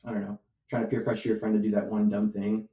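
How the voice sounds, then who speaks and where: A man's voice: on the low side, level tone, quick pace, mellow, dull audio. A man co-hosting a casual podcast chat, rambling with lots of fillers and restarts. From Las Vegas area. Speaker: podcast co-host. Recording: roomy echo.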